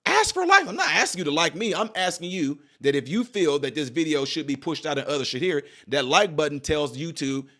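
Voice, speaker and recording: A man's voice: fairly high pitch, sing-song, fairly quick, hardly any pauses, pushed and bright. A middle-aged man giving an emphatic opinion vlog, talking straight to his viewers in a preaching manner. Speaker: YouTube commentator.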